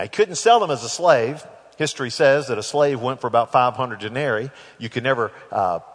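Preacher man in an echoey hall. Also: mid-range voice. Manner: dramatic, acts out scripture dialogue with big swings in loudness. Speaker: pastor. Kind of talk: sermon.

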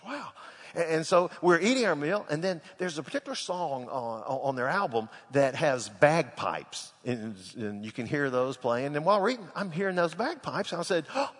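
A man preaching a sermon, telling a funny personal story with lively animation before turning to scripture. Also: fairly high pitch, moderate pace. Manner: animated storyteller, laughs through the tale. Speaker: pastor. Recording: long echo of a large hall.

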